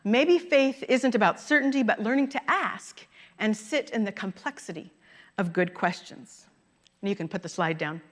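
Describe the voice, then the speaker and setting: A woman's voice: medium pitch, moderate pace. A middle-aged woman minister giving a conversational sermon in a church, chuckling now and then at her own stories. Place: church sanctuary.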